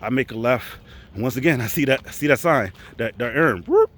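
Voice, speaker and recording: A man's voice: mid-range voice, quick pace, a bit bright. Earnest man telling a personal story. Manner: earnest, conversational, many fillers and restarts. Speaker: motivational speaker.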